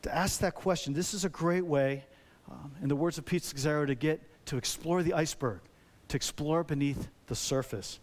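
A man with a fairly high voice preaches a sermon at a moderate pace, speaking like a pastor chatting with his congregation. He throws out rhetorical questions, and his delivery feels animated and personal.

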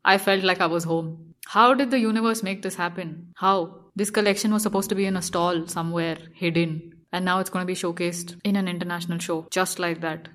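Young woman, fashion designer, animated storytelling, slightly low voice, acts out her thoughts. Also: a little fast, hardly any pauses. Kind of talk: personal storytelling talk.

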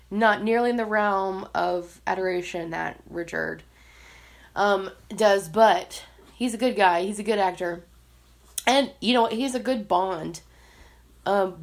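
A woman co-hosting a podcast, chatting in a casual, animated way and laughing often between thoughts. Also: mid-range voice. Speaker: podcast co-host.

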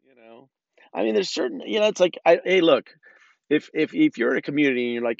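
A man's voice: on the high side, lively intonation, fast talker, creaky, no room sound. A man hosting a solo podcast, rambling and swearing, with lots of false starts and flashes of political ranting. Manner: rambling and profane, with frequent restarts. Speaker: podcast host. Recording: dull, dry lo-fi recording.

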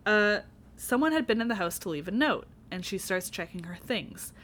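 A young woman talks in a relaxed, chatty way, walking through a book's plot for a podcast. Her pitch sits in a plain middle range, and she drops in casual swearing as she goes. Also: moderate pace. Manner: casual, swears, retells scenes with quoted lines. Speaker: podcast co-host. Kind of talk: casual chat recapping a book.

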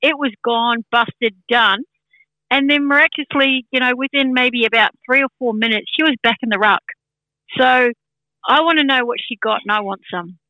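A woman's voice: fairly high pitch, normal speed, dry recording, lo-fi sound. A woman from New Zealand giving casual sports chat as a football pundit, chatty with many fillers.

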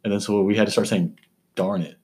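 A young man with a low voice chats casually with an old friend. He jokes, swears freely and laughs often. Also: fairly even intonation, rapid-fire, darkish tone. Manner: joking, profane, laughs often. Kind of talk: casual chat.

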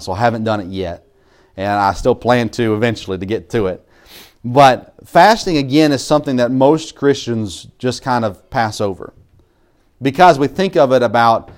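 Pastor guy preaching, kinda low voice, chatty and loose, keeps going off on little tangents. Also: clean tone. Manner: conversational, self-interrupting, laughs at own asides. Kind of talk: sermon.

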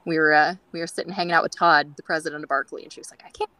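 A woman's voice: deep voice, steady tone, racing, pushed and bright, no echo, poor audio. A woman guest on a groomers' podcast, telling stories in a chatty way with many fillers and acting out quoted dialogue. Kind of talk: casual storytelling interview.

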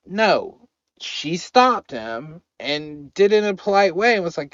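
A man co-hosting a podcast, chatting casually about politics with animated, emphatic, repetitive phrasing. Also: a little high, a little slow, dry recording, dull audio. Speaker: podcast co-host.

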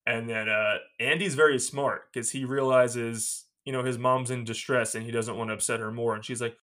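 A man's voice: medium pitch, moderate pace, a bit bright. A man co-hosting a podcast, casually retelling a film's plot and laughing often as he goes. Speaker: podcast co-host. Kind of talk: casual film recap chat.

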